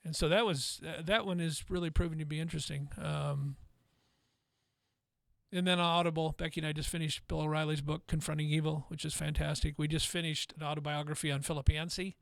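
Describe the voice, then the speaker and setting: A man with a gravelly, creaky voice talks casually on a podcast, sharing what he has been reading. His pitch stays flat and fairly high, and the sound is close and dry. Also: a little fast, no room sound. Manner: relaxed, talks through book recommendations with fillers. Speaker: podcast host, pastor. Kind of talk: casual conversation.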